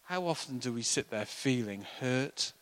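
A man delivering a sermon in a bright, forceful voice. He talks animatedly and slips into acted voices for the people in his story. His pitch sits in the ordinary middle range for a man. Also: unhurried, poor audio. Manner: animated, acts out voices of the disciples. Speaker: preacher.

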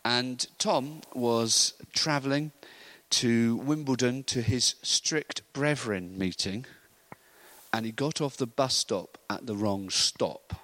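A middle-aged man telling an animated story in a sermon, acting out the voices of the people in it. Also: medium pitch, slow pace, low-quality recording. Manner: animated storytelling, acts out voices, laughs often. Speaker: preacher. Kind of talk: sermon anecdote.

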